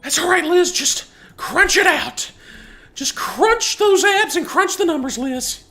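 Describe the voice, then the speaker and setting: A man putting on a high, flustered voice as an older woman politician talking herself through a crush, a comedic impression. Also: expressive, unhurried, bright, forceful tone, faint music behind, heavily acted. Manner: breathless, flustered self-talk.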